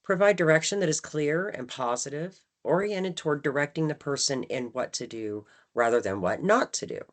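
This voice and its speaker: A woman's low, animated voice at normal speed guides a staff training session. The tone is conversational, punctuated by frequent "right?" checks, and she acts out phrases with varying emphasis.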